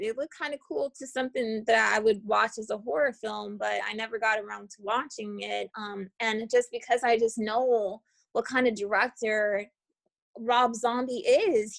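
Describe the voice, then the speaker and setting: A woman's voice: on the high side, gravelly, a bit bright, dry recording. A woman hosting a casual podcast about horror movies, rambling with lots of fillers and casual swearing. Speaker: podcast host.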